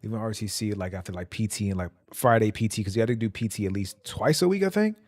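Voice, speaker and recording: Young male streamer, low-pitched and relaxed, chatty slang-heavy storyteller, dry close mic. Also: fast talker, no room sound. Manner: loose, slangy, rambling, laughs often. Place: home.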